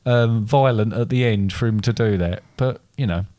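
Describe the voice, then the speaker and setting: A man's voice: lowish voice, moderate pace, mellow, no echo, studio quality. A man casually retelling a fairy tale in a chat, rambling and correcting himself as he goes. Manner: rambling, self-correcting storyteller.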